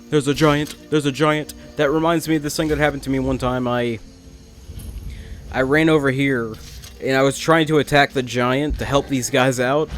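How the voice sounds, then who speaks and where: A man's voice: medium pitch, fairly bright tone. A young adult man hosting a let's play, rambling and making sarcastic jokes at the game characters. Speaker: gaming channel host.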